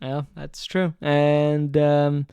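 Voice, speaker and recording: A man's voice: a little high, completely flat delivery, extremely slow, dark tone, clear, resonant tone, no room sound. A man giving casual, profane, exasperated commentary as a football vlogger, rambling with fillers.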